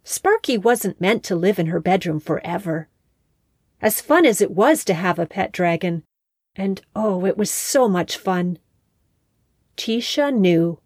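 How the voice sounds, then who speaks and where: A woman host narrating a scripted story in a calm, expressive way on a close mic. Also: lowish voice, no echo.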